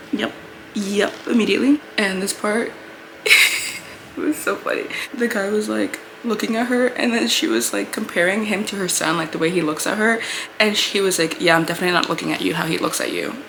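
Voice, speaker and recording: A woman's voice: medium pitch, creaky, pushed and bright, slight background noise, low-quality recording. A young woman chatting in a casual reading vlog, bubbly and gushing, with lots of "like" fillers, recorded at home. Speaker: book vlogger.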